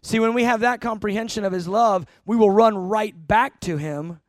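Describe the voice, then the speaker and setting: Emphatic male preacher, very high voice, dry close sound, punchy questions to the room. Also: no echo. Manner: emphatic, shifting between slow stressed phrases and rapid asides; asks the congregation questions. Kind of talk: sermon.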